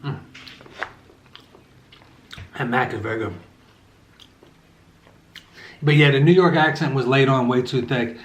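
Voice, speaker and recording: A man's voice: mid-range voice, measured pace, pauses often, fairly bright tone, a little hiss or hum. A man vlogging a casual movie review while eating, rambling with many fillers and self-corrections. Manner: eating between remarks. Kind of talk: casual chat. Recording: echoey room.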